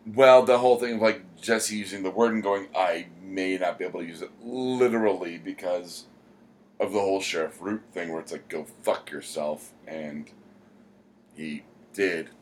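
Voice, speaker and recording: A man with a somewhat low voice talks casually as a podcast co-host. He rambles, pausing often with ums as he gathers his thoughts. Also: a little hiss or hum. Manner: rambling, many "um" pauses. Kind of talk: casual chat.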